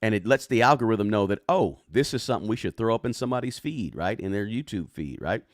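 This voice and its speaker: Quick and animated, this lowish male voice belongs to the host of a live personal finance stream, captured in a dry, studio-quality recording. He talks casually, reads viewers' comments aloud, and has a habit of adding "right?"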